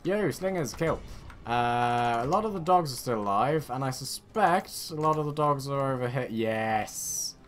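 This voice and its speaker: A British man from the United Kingdom giving rambling, excitable game commentary with sarcastic asides. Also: mid-range voice, moderate pace. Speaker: let's play gamer.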